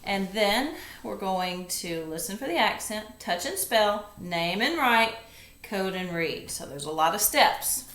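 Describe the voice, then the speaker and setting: A woman's voice: medium pitch, lively intonation, fairly bright tone. A woman teaching a phonics lesson, patiently going through the steps one at a time. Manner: slow, patient, step-by-step instruction. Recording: echoey classroom, faint ambience.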